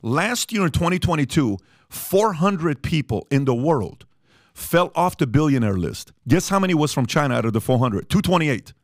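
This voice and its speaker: A man's voice: on the high side, sing-song, normal speed, no room sound. A man hosting a studio talk show, speaking casually and animatedly, repeating himself for emphasis with many fillers. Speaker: podcast host.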